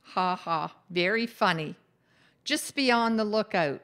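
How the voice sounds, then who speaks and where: A woman voicing a bossy, cheerful female ghost who likes to meddle, in a brisk, upbeat way. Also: medium pitch, fairly bright tone, smooth, lightly acted.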